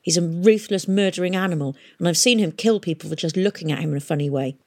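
Woman doing a curt, hard young woman, low and gravelly. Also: fast, no room sound, studio quality. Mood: blunt. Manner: curt and flat.

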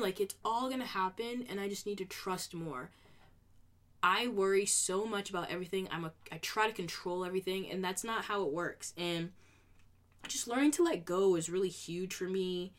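A woman's voice: mid-range voice, normal speed, fairly bright tone. A young adult woman vlogging in a casual, reflective way, earnest and rambling, with lots of "you know" fillers. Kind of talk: casual reflective vlog talk.

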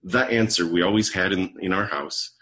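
A man's voice: low voice, normal speed. A middle-aged man telling a personal story in conversation, acting out the lines of people in it. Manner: animated storyteller who acts out quoted dialogue. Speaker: podcast guest, leadership coach.

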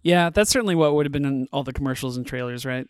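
A man's voice: mid-range voice, fast talker, clear, resonant tone, no room sound, clean studio sound. A man co-hosting a podcast in a laid-back, chuckling way while chatting about a movie. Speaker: podcast co-host, producer. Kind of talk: casual movie podcast chat.

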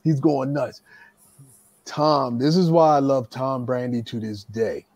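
A man's voice: medium pitch, steady tone, measured pace, darkish tone, dry recording. A middle-aged man telling a long casual story to friends, repeating words and stumbling through his sentences. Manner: rambling, repeats words, laughs while telling. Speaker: podcast host and storyteller.

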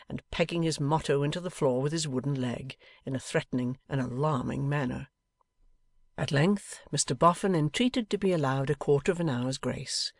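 A man reads a classic novel aloud as an audiobook narrator, telling the story in a measured, even manner. His mid-range voice is creaky, and the recording is dry.

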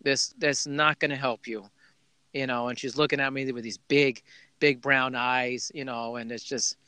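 A man hosting a podcast, telling a heartfelt parenting story in a warm, rambling conversational way with restarts. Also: medium pitch, fairly even intonation, moderate pace, clear, resonant tone, no echo. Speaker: podcast host. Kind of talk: casual conversational interview.

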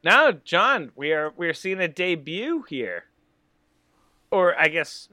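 Animated man with crude, teasing banter. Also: fairly high pitch, slow, no echo, studio quality. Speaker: podcast co-host. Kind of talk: casual chat while watching wrestling.

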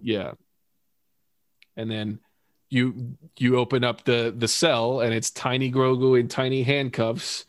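Animated man chatting casually, dry sound. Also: medium pitch, slow pace, dry recording. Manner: animated, swears freely, laughs often. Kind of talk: casual chat about a TV episode.

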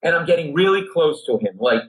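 A man, a comedian, telling a comic story on a podcast in an excitable way that keeps jumping into high, shouted asides. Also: fairly quick, background noise. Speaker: comedian guest.

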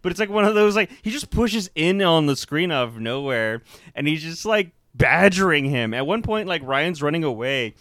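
Excited guy rambling about a movie, kinda high voice, dry close sound. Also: normal speed, no echo. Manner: excitable, rambling, profane, laughs often. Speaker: podcast co-host. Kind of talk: casual chat.

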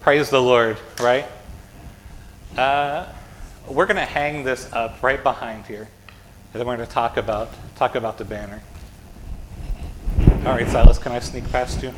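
Bright-voiced pastor chatting with kids. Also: male voice, mid-range voice, steady tone, unhurried, pauses often, slight background noise, rough recording. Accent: American. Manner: chatty, asks kids questions, says "right?" often. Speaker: pastor giving children's sermon. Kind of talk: children's sermon. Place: church sanctuary.

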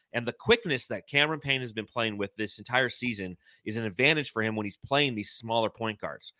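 A man's voice: mid-range voice, dry recording, studio quality. A young man co-hosting a casual sports podcast, rattling through stats and breaking down plays in a chatty way. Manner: chatty, stat-heavy, animated breakdowns. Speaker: podcast co-host.

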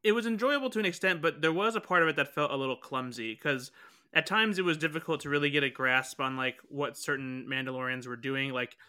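A man's voice: fairly high pitch, brisk, pushed and bright, clear, resonant tone. A man on a podcast giving his opinion casually, joking and hedging with many fillers. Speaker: podcast guest critic.

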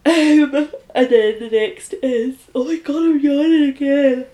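A woman's voice: high-pitched, fairly even intonation, measured pace, mellow. A young Scottish woman in casual podcast chat, sweary and laughing often. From Scotland. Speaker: podcast co-host.

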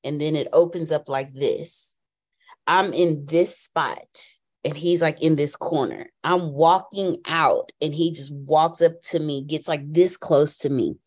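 A woman's voice: deep voice, fairly even intonation, measured pace, darkish tone. A woman on a video call telling a story in a casual, blunt, slangy way. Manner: blunt, slangy, matter-of-fact. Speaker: guest on a call.

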